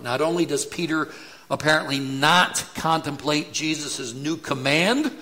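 A male pastor delivers a measured expository sermon, taking his time over each point. His voice is bright and forceful, and he briefly acts out quoted lines as he teaches. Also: mid-range voice, gravelly.

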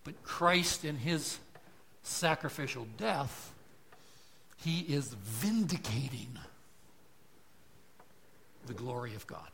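A man preaching a sermon to a congregation, asking rhetorical questions and moving between hushed, soft passages and loud, emphatic lines. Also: mid-range voice, lively intonation, takes it slowly, gravelly, long pauses, a little hiss or hum. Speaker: pastor. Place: church.

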